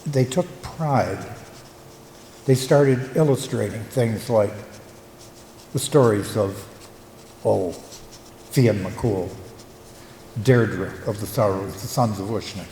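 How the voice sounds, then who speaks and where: An older man, a local historian and retired teacher, gives a reflective conference talk, pausing with fillers as he tells stories. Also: lowish voice, warm tone. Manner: reflective storyteller, halting with fillers. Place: conference hall. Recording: echoey hall, faint room noise.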